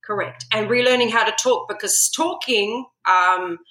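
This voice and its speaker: Lady singer telling a story, acts out her panic, bright voice, echoey room. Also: mid-range voice, unhurried. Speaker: guest, singer. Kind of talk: podcast interview.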